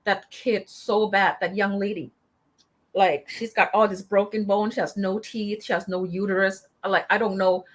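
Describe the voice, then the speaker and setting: Woman vet on a talk show, fired up, lots of ums and restarts. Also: mid-range voice. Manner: impassioned, halting, many fillers and restarts. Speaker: guest, military veteran and author. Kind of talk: emotional interview storytelling.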